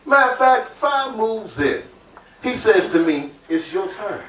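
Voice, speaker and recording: A man performing a stand-up comedy set, telling a story loudly and acting out the voices of its characters. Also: high voice, big pitch swings, unhurried, a little hiss or hum. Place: comedy club stage. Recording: roomy club sound from a distant mic with crowd laughter.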